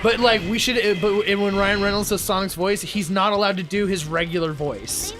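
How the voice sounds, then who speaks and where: A man's voice: sits high, steady tone, fairly quick, a bit bright. A man co-hosting a let's play, chatting in a rambling, playful way and slipping into silly voices. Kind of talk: casual gaming chat. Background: video game music.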